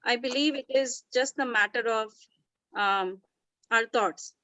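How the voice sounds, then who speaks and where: Female session leader, earnest and chatty, slightly high, dry close recording. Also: measured pace, bright, forceful tone, dry recording, poor audio. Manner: earnest, chatty, frequent restarts. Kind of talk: casual storytelling talk.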